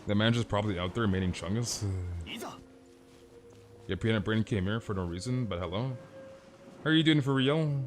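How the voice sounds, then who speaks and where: A man's voice: on the low side, moderate pace, pauses often, faint music behind. A young man streaming a game, chatting casually with viewers, rambling and slangy as he tells stories. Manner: rambling, animated storytelling, slangy. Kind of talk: casual live-stream chat.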